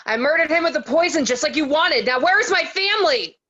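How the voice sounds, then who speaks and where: A desperate middle-aged doctor held captive, read by a woman, clipped and insistent, rising to shouts when the pressure mounts. The tone is bright and forceful, but a dull lo-fi mic flattens it. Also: fairly low pitch, brisk. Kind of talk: amateur table read.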